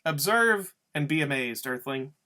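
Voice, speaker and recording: A man's voice: fairly high pitch, lively intonation, unhurried, sharp tone. A man doing a tiny, very bookish boy. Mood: grandly formal. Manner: formal, dictionary-like wording. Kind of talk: audiobook reading.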